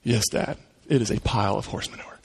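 A man's voice: medium pitch, expressive, fairly quick, vocal fry, husky, pitched below the performer's own voice, heavily acted. A man doing an earnest, optimistic boy. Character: cheerful optimistic boy, eager.

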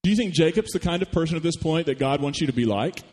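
A man preaching a sermon, retelling a story with animated rhetorical questions to the congregation. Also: on the high side, fast, big-room sound. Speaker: pastor. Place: church.

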